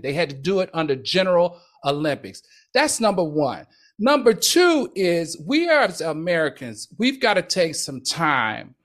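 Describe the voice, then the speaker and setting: A man co-hosting a casual news talk show, making his points with emphatic, punchy delivery. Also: high voice. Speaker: co-host.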